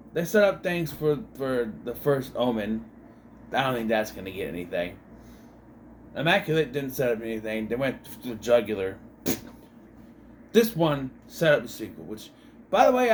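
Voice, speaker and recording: Animated man rambling through a movie review. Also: mid-range voice, a little hiss or hum. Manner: rambling, joking, with lots of fillers and self-corrections. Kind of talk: casual film review vlog.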